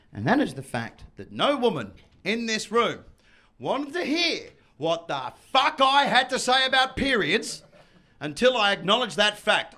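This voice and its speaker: A man doing a stand-up comedy set, brash and loud, bursting into shouts and mock voices. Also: high-pitched. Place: comedy venue with audience.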